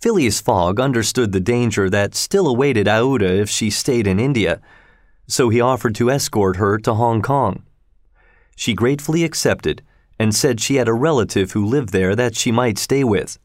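A man narrating a classic adventure story as an audiobook reader, in a steady, measured storytelling manner. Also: mid-range voice, dry recording, clean studio sound.

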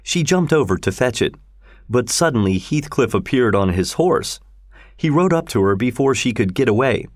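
An audiobook narrator, a man with a mid-range voice, tells a story at a steady, measured pace. The recording is clean studio sound with no room noise.

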